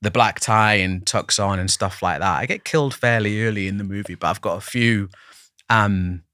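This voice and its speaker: A man's voice: lowish voice, normal speed, pushed and bright, dry recording, studio quality. A man, a podcast guest telling stories in a chatty, self-deprecating way with many restarts. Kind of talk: casual interview storytelling.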